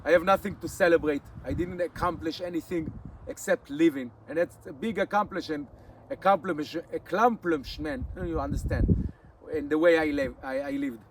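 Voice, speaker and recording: A man in his forties with an Israeli accent, a native Hebrew speaker, talking casually to his camera outdoors in the mountains in halting English, his mouth dry from fasting. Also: a little high, noisy background. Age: 40s. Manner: rambling, restarts often, halting English. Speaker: nomad vlogger. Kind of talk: casual vlog monologue.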